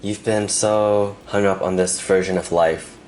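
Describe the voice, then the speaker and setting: A young man doing a pick-a-card tarot reading, talking softly and earnestly to the viewer with pauses, and emotional at times. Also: on the low side, fairly even intonation, slight background noise. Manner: soft, earnest, speaks directly to the viewer with pauses. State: emotional, close to tears. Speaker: tarot reader.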